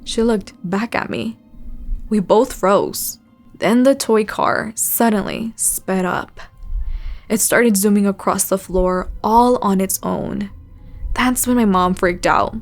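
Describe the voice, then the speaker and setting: A woman hosting a channel where she reads subscribers' scary stories aloud, telling them in a measured, suspenseful way. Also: mid-range voice, soft background music. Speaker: host reading subscriber stories. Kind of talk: scary story narration.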